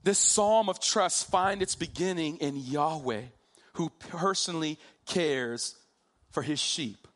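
Male preacher, fairly high voice, slow deliberate delivery, emphatic sermon style. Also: fairly bright tone. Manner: slow, emphatic preaching, drawing out key phrases.

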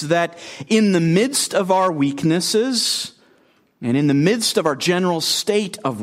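Animated man preaching an expository sermon. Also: on the high side. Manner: earnest, emphatic, repeats phrases, questions the audience. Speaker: guest preacher.

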